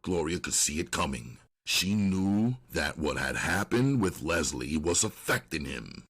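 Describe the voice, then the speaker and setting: Very deep husky male audiobook narrator. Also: lively intonation, unhurried, fairly bright tone.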